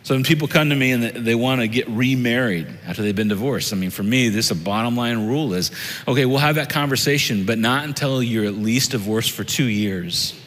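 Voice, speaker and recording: A middle-aged man preaching a sermon from the stage of a church auditorium, his mid-pitched voice ringing with the long reverb of the big room. He talks to the congregation in a plain, conversational way and keeps turning the point back to them with direct questions. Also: fairly quick, a bit bright. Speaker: pastor.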